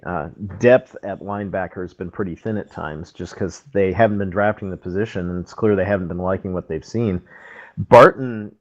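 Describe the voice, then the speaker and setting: A man co-hosting a podcast, giving measured, thoughtful sports analysis. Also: lowish voice, lo-fi sound. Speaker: podcast co-host.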